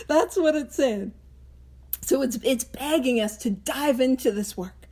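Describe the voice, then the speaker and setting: A woman hosting a recovery book study, explaining the reading in a casual, animated way and acting out little voices and jokes. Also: high-pitched, slow pace. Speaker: host of a Big Book study. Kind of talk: casual teaching talk.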